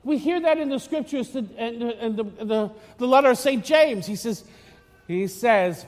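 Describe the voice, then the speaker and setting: A priest with a very high-pitched voice delivers an unhurried, chatty, teasing homily in a Florida church, rambling and restarting often. Long church reverb surrounds him.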